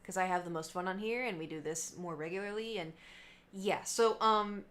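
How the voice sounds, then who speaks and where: A woman's voice: mid-range voice, normal speed, slight background noise. Late 20s streamer girl just chatting, lots of ums and tangents. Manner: chatty, animated, many fillers and trailing asides. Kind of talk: casual storytelling chat.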